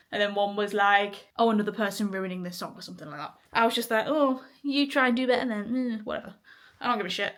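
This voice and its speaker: A woman's voice: on the high side, sharp tone. A young woman chatting casually to camera in a vlog, swearing offhandedly and laughing often. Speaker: vlogger and musician.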